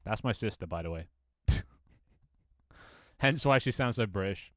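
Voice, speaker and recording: A man's voice: fairly low pitch, animated, a little slow, no room sound, studio quality. A man in his twenties chatting casually on a live stream, rambling, laughing often and joking about himself with casual swearing. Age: 20s. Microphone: desk microphone.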